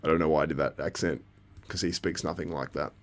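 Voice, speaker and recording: A man's voice: a bass voice, fairly even intonation, fast talker, gravelly. A man hosting a casual live stream, chatting with viewers and reacting to events as they happen. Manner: chatty, reacting to the live feed and chat, laughs often. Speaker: livestream host.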